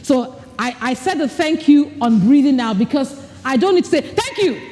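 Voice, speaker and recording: A woman with a high, mellow voice leads a workshop, acting out each point with her own voice and breath. The sound rings with the long echo of a large hall. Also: lively intonation, fairly quick. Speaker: leadership coach. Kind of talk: workshop talk.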